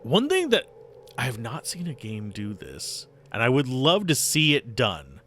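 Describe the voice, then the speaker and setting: Bright-voiced male game streamer. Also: mid-range voice, huge pitch swings, measured pace, soft background music. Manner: chatty, giving tactical calls to his party. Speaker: let's play streamer. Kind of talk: casual gameplay commentary, reading game text aloud.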